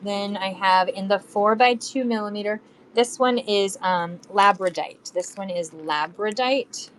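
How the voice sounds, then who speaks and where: A woman's voice: mid-range voice, a little slow, rough recording. A woman talking casually while selling bead strands on a live stream, counting beads and humming to herself as she works. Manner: chatty, counts beads aloud, hums while working. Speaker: live shopping seller.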